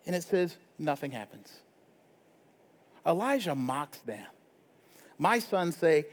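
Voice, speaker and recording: A male pastor with a strikingly high voice delivers a sermon in a casual, conversational way. He keeps checking in with his listeners with quick tag questions. His voice rings out with a long church reverb. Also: expressive. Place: church sanctuary.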